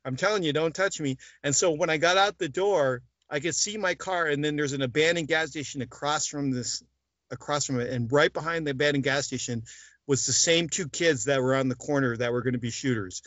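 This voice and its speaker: A man's voice: fairly high pitch, a little fast, a bit bright, no room sound. A man being interviewed, animatedly recounting events and acting out the dialogue with frequent "like" and "I go". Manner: retells scenes with quoted dialogue, many "like" and "I go" fillers. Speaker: interview guest. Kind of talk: animated storytelling in conversation. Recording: dull lo-fi dry sound.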